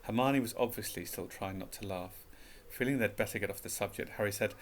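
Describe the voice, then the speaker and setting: Low-voiced man reading a story. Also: a little fast, few pauses. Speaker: narrator.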